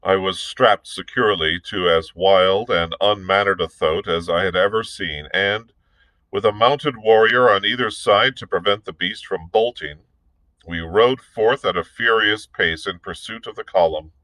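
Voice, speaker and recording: A man working as a librarian, reading a novel aloud in a measured, deliberate way with the odd small slip and restart. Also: low-pitched, sharp tone, dry recording, rough recording.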